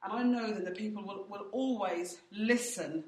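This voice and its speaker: A woman's voice: mid-range voice, normal speed, a little mellow. A woman leading a church training session, speaking directly and acting out what people say in her own stories. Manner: direct, anecdotal, acts out quotes. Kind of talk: teaching with personal stories. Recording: echoey room from far off.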